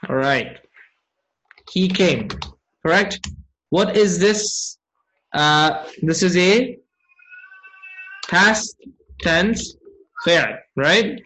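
A man with a high-pitched voice teaches Arabic grammar in an online class. He keeps checking in with his students through questions and recites verses at speed. He speaks into a computer mic while sharing his screen. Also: animated, very slow, long pauses, pushed and bright, a little hiss or hum, rough recording. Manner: engages students with frequent questions.

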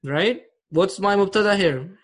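A man's voice: sits high, measured pace. A man teaching an online Arabic grammar class, explaining patiently and often checking that students follow.

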